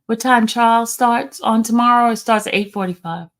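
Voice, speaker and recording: A woman's voice: on the high side, moderate pace. A middle-aged woman hosting a casual, emotional chat, talking straight to her viewers as "y'all.". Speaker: livestream host.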